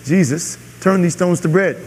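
High-voiced preacher in a reverberant hall. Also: male voice, moderate pace, darkish tone, breathy edge. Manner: emphatic, repeats key phrases, asks audience "are you with me". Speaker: pastor. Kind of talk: sermon.

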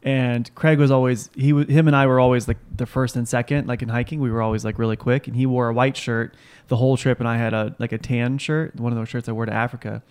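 Young man, podcast host, rambling, animated, casual chat, medium pitch. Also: quick pace, hardly any pauses, smooth.

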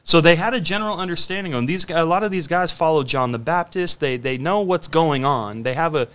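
A man co-hosting a podcast in casual chat, animated and profane, acting out quotes as he talks. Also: fairly high pitch, quick pace, clean tone. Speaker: podcast co-host.

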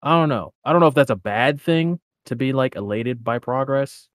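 A man's voice: medium pitch, lively intonation, moderate pace, no room sound, clean studio sound. A young man in casual chat, laid-back and slangy, leaning on filler words.

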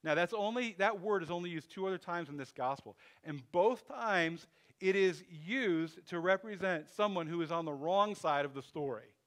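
A man's voice: sits high, moderate pace, fairly bright tone. A man preaching a sermon in a loose, conversational way, thinking aloud with restarts and asides. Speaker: pastor.

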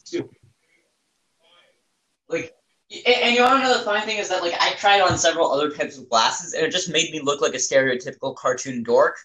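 Quirky, gimmicky young guy, played by a man, excitable rambler, slightly high voice. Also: brisk, echoey room, rough recording. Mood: rambling. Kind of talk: improvised comedy podcast.

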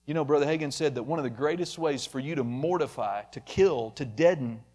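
A man's voice: on the high side, fairly quick, darkish tone. A man preaching a sermon emphatically, calling out members of the congregation by name. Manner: emphatic, addresses listeners by name.

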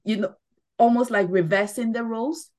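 A woman's voice: on the high side, moderate pace, a little mellow. A middle-aged woman speaking as a podcast guest, explaining things earnestly in a casual interview and often adding "you know". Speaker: podcast guest, mental wellness ambassador.

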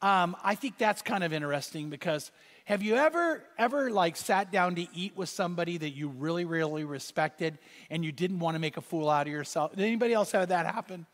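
A man preaching a sermon as pastor, telling stories with animated, rising exclamations. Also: high voice, a little fast. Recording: reverberant hall sound.

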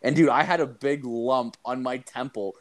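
A young man telling a rambling, profane story in casual chat, full of fillers and animated asides. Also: medium pitch, normal speed.

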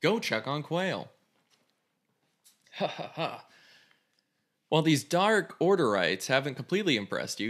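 A man hosts a reading of a choose-your-own adventure story, delivering it casually and with swearing. His voice is medium-pitched and a bit bright.

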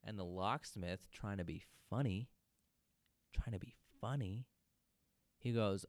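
Low, smooth-voiced man telling a story. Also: slow, dry recording. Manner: loose and profane, full of "dude" and "man". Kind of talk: casual anecdote telling.

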